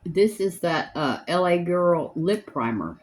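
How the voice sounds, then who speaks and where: A woman's voice: lowish voice, animated, unhurried. Chatty older woman. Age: 70s. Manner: chatty, rambling, homespun. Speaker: makeup vlogger. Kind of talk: casual chat while doing makeup. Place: home, seated in a chair.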